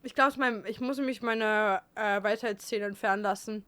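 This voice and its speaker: A woman's voice: mid-range voice, steady tone, normal speed, a bit bright, smooth. A woman, chatting casually and bluntly on a livestream, teasing and joking. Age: 20s. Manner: blunt, teasing, switches between English and German. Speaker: streamer.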